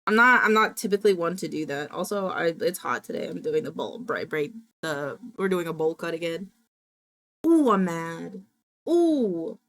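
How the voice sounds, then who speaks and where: A woman's voice: lowish voice, normal speed. A young adult woman streamer chatting casually on a live stream from home. She rants indignantly and swears freely. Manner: indignant, swearing, animated ranting.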